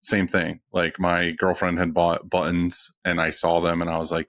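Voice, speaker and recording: A man hosting a podcast, asking questions in a relaxed, casual way with many fillers. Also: low voice, moderate pace, few pauses, no echo, studio quality. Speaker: podcast host. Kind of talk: casual interview chat.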